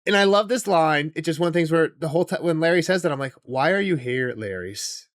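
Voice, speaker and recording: This young man co-hosts a podcast and speaks very fast at a fairly high pitch, recorded in studio quality with no room sound. He casually recaps a TV episode in an animated way, acting out and quoting character lines and laughing often.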